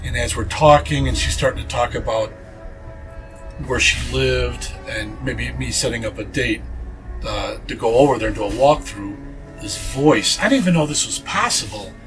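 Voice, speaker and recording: A man's voice: medium pitch, moderate pace, music in the background, poor audio. A man being interviewed as a paranormal investigator, telling a ghost story earnestly, with many fillers and restarts.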